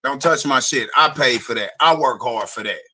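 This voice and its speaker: A man giving an angry, profane rant, often shouting and repeating himself. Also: mid-range voice, normal speed. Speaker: homeowner ranting on video.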